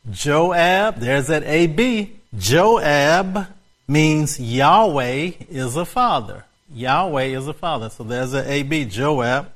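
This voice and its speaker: A man's voice: a little high, animated, slow pace. A male pastor preaching a sermon, repeating key words with emphasis and breaking into laughter. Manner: repetitive, emphatic, bursts into laughter.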